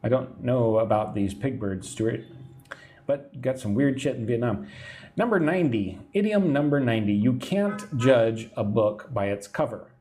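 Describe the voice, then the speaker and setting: A man's voice: mid-range voice, expressive, normal speed, dark tone, slight background noise. American male English teacher, live-stream lesson, patient explainer, often adds "right?". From Texas, USA. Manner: patient explaining, reads viewer comments aloud, tag "right?" often.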